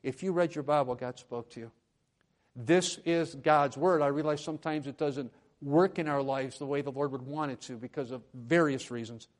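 A pastor speaks from the church lectern at a moderate pace and medium pitch. His sermon moves back and forth between quiet, talky asides and loud, insistent proclamations.

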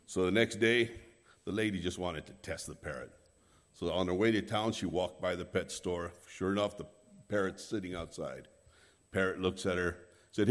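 A man from New Mexico preaching a sermon as a guest preacher, halting, with many restarts and fillers. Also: low voice, fairly even intonation, long reverb tail. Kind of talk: sermon with prayer. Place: church.

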